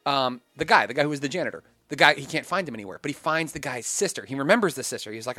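A young man on a podcast, telling a story in casual chat, animated and swearing freely. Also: a little high, fast talker, few pauses, dry recording, studio quality. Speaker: podcast regular.

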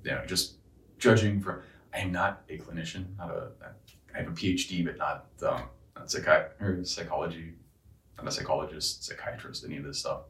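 A man's voice: low voice, fairly even intonation, a little fast, a bit bright, echoey room, distant mic, low-quality recording. A man ranting casually and profanely, exasperated and rambling, often restarting his sentences. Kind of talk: casual rant.

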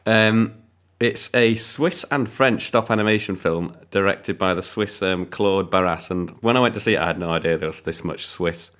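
A man's voice: low voice, normal speed, hardly any pauses, fairly bright tone. A man reviewing films on a podcast in casual chat, rambling and enthusiastic with lots of ums.

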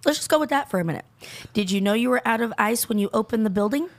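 Woman, middle-aged, podcast co-host, animated, ranting, slightly high voice, gravelly edge. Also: fast. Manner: animated, ranting, laughs often. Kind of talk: casual chat.

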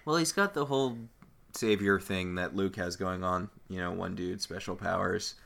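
A man's voice: low-pitched, normal speed, vocal fry, a bit bright. A man from the United States co-hosting a podcast, picking apart a TV episode in a thoughtful, analytical way. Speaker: podcast co-host. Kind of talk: casual chat recapping a TV episode.

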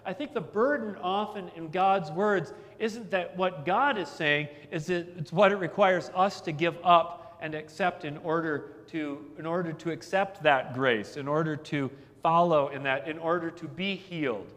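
High-voiced pastor in a reverberant hall. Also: male voice, normal speed, hardly any pauses, a bit bright. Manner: chatty and anecdotal, repeats words as he builds a point. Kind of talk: conversational sermon.

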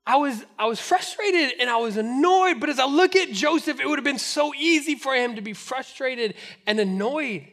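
A male pastor preaching with a very high, bright voice. He tells his stories with animated energy and laughs often as he goes. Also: moderate pace. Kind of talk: sermon.

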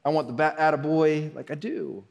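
A man preaching a sermon as pastor, talking in a loose conversational way that swings between soft asides and raised emphasis. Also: on the high side, steady tone, normal speed, creaky. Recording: long hall reverb.

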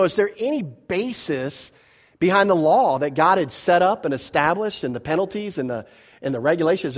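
Male pastor, a little higher-pitched than most men, conversational sermon delivery full of rhetorical questions and self-corrections. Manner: grows animated when telling a personal story. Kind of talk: verse-by-verse sermon.

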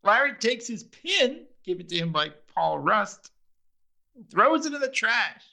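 Animated man with a gravelly voice. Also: sits high, a little slow. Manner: animated storytelling, acting out the characters' lines. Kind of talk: casual chat recapping a TV episode.

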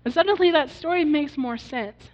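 A woman pastor preaches earnestly, telling the story and pulling the congregation in with questions. Her voice sits high. The recording is dull and muffled, with a long reverb from a church sanctuary. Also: normal speed. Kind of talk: sermon.

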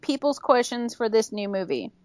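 A woman's voice: on the high side, darkish tone, no echo. A woman telling funny stories in a casual podcast chat, laughing often and acting out what people said. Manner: giggly, fast storytelling with acted-out quotes. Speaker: guest.

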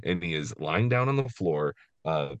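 A man's voice: low voice, moderate pace, dry recording. A man co-hosting a podcast, chatting with enthusiasm about a favorite children's book. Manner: enthusiastic, animated, reads book lines aloud. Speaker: podcast co-host. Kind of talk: casual chat.

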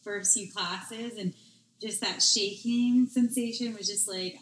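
A woman's voice: mid-range voice, fairly even intonation, slow. Woman fitness instructor, chatty and full of fillers, roomy echo. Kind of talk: casual interview chat. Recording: echoey room.

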